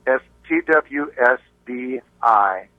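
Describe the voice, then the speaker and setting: A man's voice: mid-range voice, expressive, slow pace, no room sound. A man calling in to a radio show, talking hesitantly and stammering. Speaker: caller. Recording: dull dry phone line.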